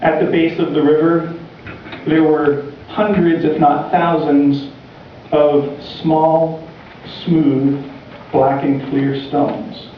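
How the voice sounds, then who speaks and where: A man preaching by telling a story in slow, deliberate steps, his voice a touch high for a man. He sounds far from the mic in a big, heavily echoing church, captured on a dull, muffled recording. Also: level tone, slight background noise. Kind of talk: sermon storytelling.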